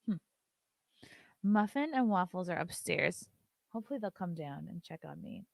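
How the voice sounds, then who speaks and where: A woman's voice: fairly low pitch, lively intonation, moderate pace, gravelly, dry recording, studio quality. A woman hosting a live-stream show, chatting loosely, reading viewer messages aloud and swearing casually.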